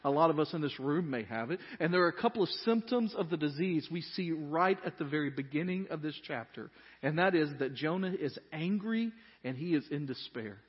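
A man's voice: on the high side, fairly quick, breathy edge. A male pastor preaching a sermon in a church hall, dramatically acting out complaints and asking the room questions. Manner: animated, voicing Jonah's complaints dramatically. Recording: dull lo-fi sound with long hall reverb.

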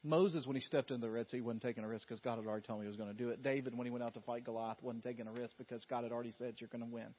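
Husky-voiced guy preaching, big loud pushes then drops real quiet to tell a story, kinda dull lo-fi sound. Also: mid-range voice, fairly even intonation, rapid-fire, few pauses. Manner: swings from loud emphatic bursts to quiet intimate storytelling. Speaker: pastor. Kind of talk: sermon.

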